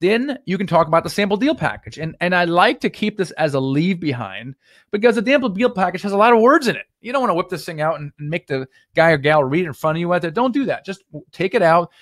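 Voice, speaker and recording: Brief: energetic male investing coach, slightly high voice, dry close sound, gives direct do-and-don't advice live. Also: fast talker, no echo. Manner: acts out sample conversations in shifted voices. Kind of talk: live-stream teaching.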